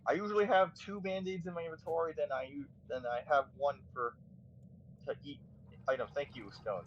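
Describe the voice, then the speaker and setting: Man, nervous stammer, casual gaming chat, fairly high pitch, dull lo-fi recording, faint hiss. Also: fairly even intonation, brisk. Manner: nervous, stammering, restarts often.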